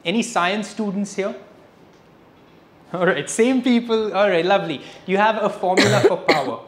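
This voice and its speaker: A man giving a public spiritual lecture, telling stories with a lively delivery and dropping in Hindi phrases. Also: sits high, normal speed. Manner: lively storyteller, switching between English and Hindi phrases. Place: lecture hall, indoors. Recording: echoey hall with faint noise.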